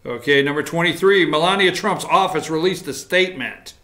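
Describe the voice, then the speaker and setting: A man hosting a morning talk show, reading headlines aloud and joking about them in a casual, animated way. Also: fairly high pitch, brisk. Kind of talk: casual political commentary.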